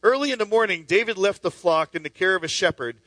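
A man's voice: sits high, animated, quick pace, bright, forceful tone, no room sound. A middle-aged male pastor preaching a sermon, telling stories with many restarts and asides. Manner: storytelling with lots of restarts and asides.

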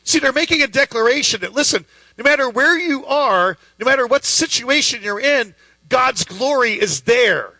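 A man's voice: very high-pitched, animated, normal speed, bright, forceful tone, no room sound, rough recording. A man preaching a sermon in an emphatic, conversational way, full of rhetorical questions.

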